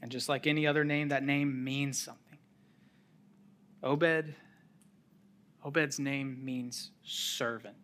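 A man preaching a sermon, telling a scripture story with sudden drops to a near-whisper and rises to loud calls, with chuckling asides. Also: mid-range voice, steady tone, takes it slowly, long pauses. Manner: chuckles while making light asides.

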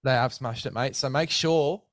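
A man's voice: medium pitch, normal speed, dry recording, studio quality. A man hosting a casual sports preview, chatty and matey, hyping a sponsor. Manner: chatty, matey, plugs a sponsor with mock hype. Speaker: sports podcast host.

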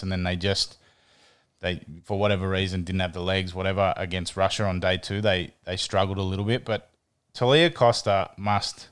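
A man's voice: low voice, clean tone. A man co-hosting a sports podcast, chatting casually and often repeating words as he thinks. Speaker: podcast co-host.

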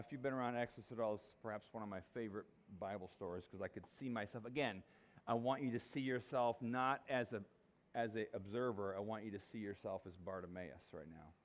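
A male pastor preaching a sermon in a conversational, jokey, emphatic way. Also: on the low side.

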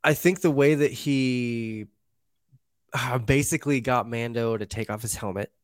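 A man's voice: mid-range voice, dry recording, studio quality. A man co-hosting a casual podcast, stammering into his points with frequent restarts. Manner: halting, stammering restarts, laughs easily. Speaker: podcast co-host. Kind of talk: casual pop-culture discussion.

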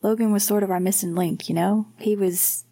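A woman voicing a gentle young man who speaks quietly and hesitantly. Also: mid-range voice, steady tone, moderate pace, dry recording, studio quality, lightly acted.

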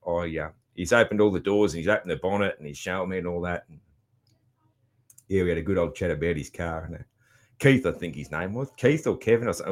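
Deep-voiced rambling Australian man. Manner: rambling, swears freely, many ums and restarts; loud, chatty. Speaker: vlogger. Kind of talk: casual travel recap.

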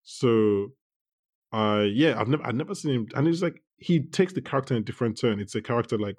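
A man co-hosting a casual podcast about a TV show, talking in animated bursts with quick asides and restarts. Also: medium pitch, slightly rough. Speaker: podcast co-host. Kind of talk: casual chat reviewing a TV show.

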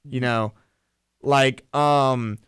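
A man co-hosting a casual film podcast, rambling with lots of restarts and addressing listeners as ladies and gentlemen. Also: mid-range voice, fairly even intonation, drawn-out words, clean tone, no room sound, clean studio sound. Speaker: podcast co-host.

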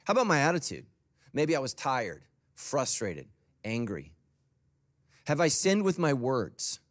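A man's voice: mid-range voice, huge pitch swings, measured pace. A middle-aged man preaching a sermon as a pastor, humorous and conversational.

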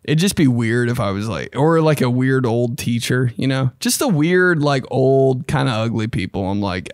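A young man hosting a casual podcast, talking loosely and profanely and jumping about in pitch. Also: moderate pace, hardly any pauses, no echo, clean studio sound. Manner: loose, profane and animated, with sudden jumps in pitch. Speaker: podcast host. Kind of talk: casual solo podcast chat.

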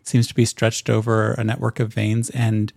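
A male game master narrating a tabletop game, describing scenes unhurriedly with many ums. His voice has a gravelly edge. The recording is dry and close. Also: on the low side, completely flat delivery, moderate pace, darkish tone, dry recording.

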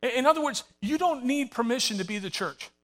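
A man's voice: extremely high pitch, animated, a little fast, fairly bright tone. A middle-aged man preaching a sermon with passion, building to emphatic calls to his congregation. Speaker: pastor. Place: church sanctuary with live congregation.

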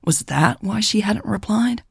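A woman narrating romance fiction in a measured, even storytelling voice. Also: medium pitch, gravelly, slightly rough, no room sound, clean studio sound. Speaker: podcast author and narrator.

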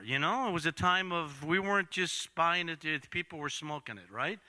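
A man's voice: fairly high pitch, animated, normal speed, hardly any pauses. Older male preacher, big dramatic swings. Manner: dramatic swings from loud to whispered. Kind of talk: storytelling sermon.

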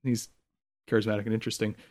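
A man co-hosting a podcast in casual chat, relaxed and opinionated, with frequent "um"s. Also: fairly low pitch, very fast. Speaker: podcast co-host.

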